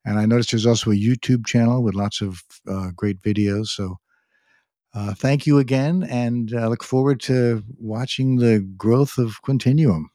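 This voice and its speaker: A man hosting a podcast, thanking his guest and wrapping up the episode in a friendly, brisk way. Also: mid-range voice, warm tone, no echo, studio quality. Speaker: podcast host. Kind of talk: podcast host outro.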